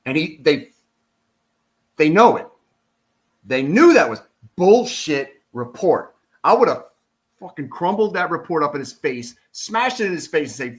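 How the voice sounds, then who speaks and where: Middle-aged man, ex-cop commentator; blunt, profane, animated, slightly high, very expressive pitch. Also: a little slow, pauses often. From United States. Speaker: retired police officer commentator. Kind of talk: casual commentary reading a document.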